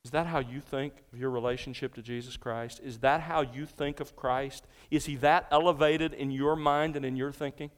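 Earnest preacher in an echoing hall. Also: male voice, medium pitch, fairly even intonation, moderate pace, hardly any pauses, clear, resonant tone. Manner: earnest, emphatic preaching with rhetorical questions. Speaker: pastor. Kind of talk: expository sermon. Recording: large hall with long reverb.

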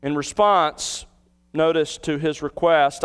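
A man's voice: on the high side, unhurried, clean tone. A man preaching an expository sermon, teaching earnestly, retelling the scene vividly and asking rhetorical questions. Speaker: pastor.

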